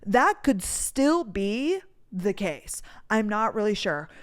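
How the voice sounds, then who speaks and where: A woman's voice: medium pitch, big pitch swings, slow pace, smooth. A young woman telling a frustrating story in a casual, exasperated rant, swearing freely and saying "like" a lot. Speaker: podcast host. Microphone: voice memo recording.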